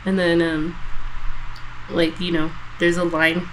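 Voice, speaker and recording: Swearing, animated woman telling a story. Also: lowish voice, slow, a little hiss or hum, poor audio. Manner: animated, swears a lot, acts out quotes. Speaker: podcast co-host. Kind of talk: casual storytelling chat.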